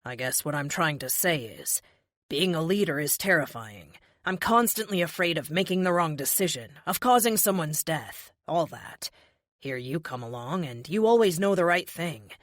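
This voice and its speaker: A woman's voice: low-pitched, lively intonation, moderate pace, no room sound, clean studio sound. A woman voicing a weary adult male superhero team leader who speaks with a candid, uneasy frankness, in a storybook reading.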